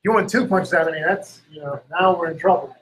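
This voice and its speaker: A man's voice: on the high side, brisk, a bit bright, poor audio. A man in casual chat, rambling with lots of fillers and acting out quotes. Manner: rambling, heavy use of "like" and "you know"; acts out others' lines in quotes.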